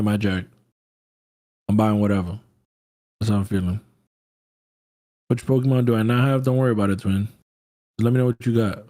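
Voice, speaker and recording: A man with a low-pitched, mellow, dark voice hosts a livestream. He talks casually and bluntly, full of slang and profanity, answering chat questions off the cuff. It sounds unhurried and relaxed. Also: dry recording. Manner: laid-back, slangy and profane, reads chat aloud. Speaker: livestream trading host.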